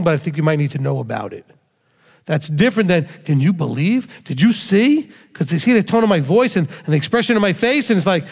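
A man delivering a lively sermon as a rabbi, laughing now and then and acting out voices as he speaks. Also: fairly high pitch, creaky, big-room sound. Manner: animated preaching, laughs often, acts out voices.

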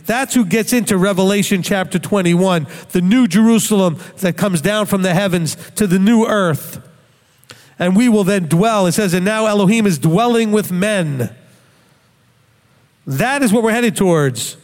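A man's voice: high voice, moderate pace, darkish tone, long reverb tail. A man giving a Bible study talk in a conversational teaching manner, tossing in rhetorical questions.

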